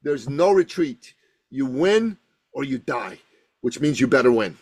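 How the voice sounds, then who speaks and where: A man's voice: medium pitch, expressive, unhurried, a little mellow, breathy edge. A man, a business coach on a podcast, telling stories and giving advice in an emphatic way, repeating words for stress. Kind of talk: energetic storytelling advice.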